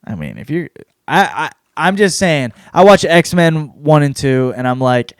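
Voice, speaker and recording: A man's voice: a little high, sing-song, a little slow, clear, resonant tone, dry recording, clean studio sound. A man hosting his own podcast, rambling through a casual rundown with plenty of swearing and blunt opinions. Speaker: podcast host.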